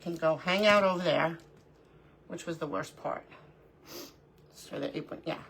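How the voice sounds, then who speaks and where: A woman's voice: low-pitched, a little slow, gravelly, fairly bright tone, breathy edge. A middle-aged woman hosting a live crafting stream, chatting casually, greeting viewers by name and talking to herself as she works. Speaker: livestream crafting host.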